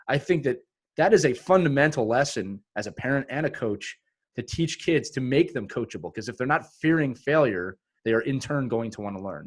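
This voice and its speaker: A man hosting a podcast with a rapid, animated delivery at an ordinary pitch. He is a youth hockey coach who tells stories with energy and easy laughter. The talk is loose and conversational. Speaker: podcast host. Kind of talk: casual podcast discussion.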